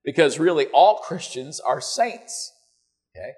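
A man's voice: on the high side, animated, a little slow, a little mellow. A man preaching a conversational sermon to his church, joking in asides and checking in with "right?" and "you know".

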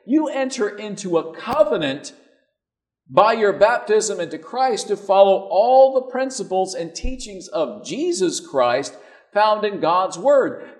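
Brief: male preacher, light high voice, folksy storytelling sermon. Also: very animated, takes it slowly.

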